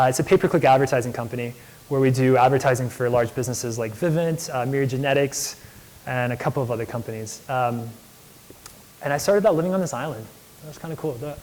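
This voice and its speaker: A man's voice: mid-range voice, a little mellow, poor audio. A young man, an entrepreneur, speaking in a casual, enthusiastic storytelling lecture style, full of "like" fillers. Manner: enthusiastic, chatty, many "like" fillers. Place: lecture hall.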